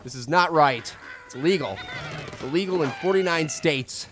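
A young man hosting a silly game commentary, tired and loopy, rambling from mumbles to loud outbursts. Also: a little high, normal speed. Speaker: gaming video host. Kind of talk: silly let's-play commentary. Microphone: desk microphone.

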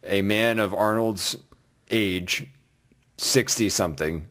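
A man's voice: on the low side, slow, a bit bright. A man co-hosting a casual podcast, giving a blunt, sarcastic movie review with lots of restarts. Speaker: podcast co-host.

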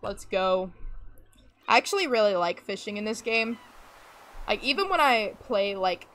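A woman's voice: medium pitch, expressive, measured pace, a bit bright, a little hiss or hum. A young adult woman streaming a farming game, chatting casually to viewers and humming little sounds to herself as she plays.

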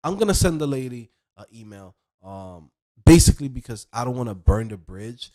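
A man's voice: medium pitch, very animated, normal speed, warm tone. A young man hosting a casual vlog, talking to viewers in a rambling, conversational way full of fillers. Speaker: web developer and channel host.

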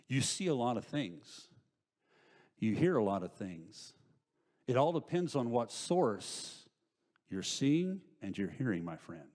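A middle-aged man preaching a sermon in church. He asks rhetorical questions and moves between loud, emphatic lines and hushed asides. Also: on the low side. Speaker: pastor. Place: church sanctuary.

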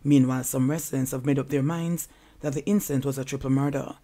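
A man reading crime news in a steady, measured scripted delivery. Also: mid-range voice. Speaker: news reader.

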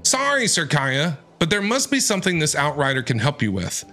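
A man's voice: fairly high pitch, wildly swooping pitch, normal speed, bright, forceful tone, faint music behind, heavily acted. A man voicing an eager young female scout from a manga, calling out and pleading insistently. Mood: apologetic.

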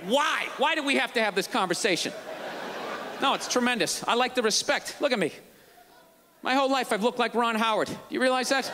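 A male stand-up comedian ranting sarcastically on stage before a live audience, often shouting his punchlines. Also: extremely high pitch, a little fast, a little hiss or hum. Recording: live show with crowd laughter. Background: audience laughter and ambience.

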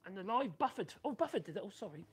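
A man with a Norfolk accent and a raspy, coarse voice, rambling casually on a live stream and reading out viewer comments. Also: high-pitched, slight background noise. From Norfolk, England. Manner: rambling and chatty, many ums and restarts. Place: home workshop.

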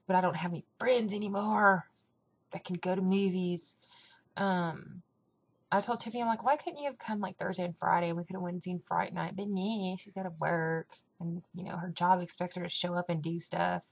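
A woman's voice: on the low side, moderate pace, vocal fry, husky. A young woman chatting casually on her vlog, rambling with lots of fillers. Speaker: vlogger. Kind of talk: casual weight-loss vlog chat.

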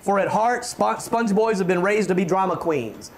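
A man preaching a fervent sermon as pastor, often stammering on restarts and building to shouts. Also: high-pitched, expressive, moderate pace.

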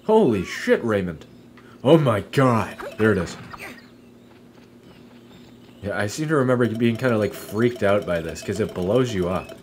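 Lively young man swearing through gameplay. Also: lowish voice, unhurried, pauses often, a little hiss or hum. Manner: swears freely, laughs often, muses aloud. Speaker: let's play streamer. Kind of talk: casual gameplay commentary.

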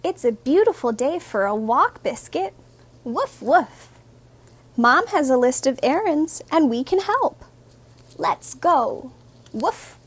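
A woman, a teacher, reading a children's picture book aloud in a gentle, expressive, sing-song way. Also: high-pitched, measured pace.

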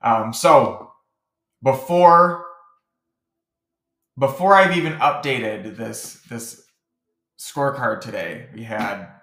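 A man's voice: mid-range voice, slow pace, long pauses, a bit bright, echoey room. A man giving a client casual, rambling feedback as a business coach, full of fillers and restarts and easy chuckles. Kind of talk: casual recorded feedback message.

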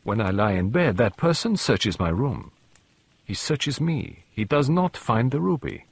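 A man voicing a shrewd elderly Belgian detective, speaking in a measured, formal way with words mixed in. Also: medium pitch, very animated, vocal fry, husky, full character voice. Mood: explaining.

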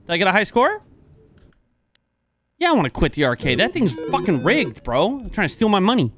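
An excitable man commentating a game he's playing, jokey and quick to swear at it. His pitch leaps around as he reacts, with game music under him. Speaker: let's play host. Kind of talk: gameplay commentary.

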